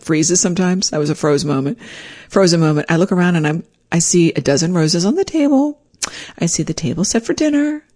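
A woman shares a personal story with lively, theatrical energy. She acts out what she said with sudden jumps in pitch, then settles into a reflective, self-deprecating voice. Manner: animated, acts out her own quoted lines with big pitch jumps.

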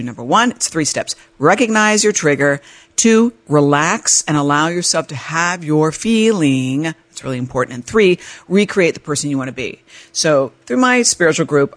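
A woman hosting a podcast, telling a personal story in a chatty, animated way and laughing as she talks. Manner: animated, jumps into high-pitched voices when reenacting her panic; chatty, laughs while talking. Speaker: podcast host.

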